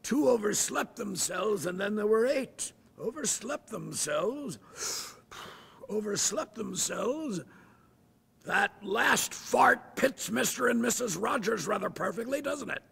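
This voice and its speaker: A man puts on a schoolboy's terrible British accent for a stiff gentleman, reading in a prim, affected way. The voice sits high and carries a gravelly rasp. It is a hammy, amateur stage performance. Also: animated, slow, full character voice. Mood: pompous. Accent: bad put-on British. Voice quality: affected, overly proper reading.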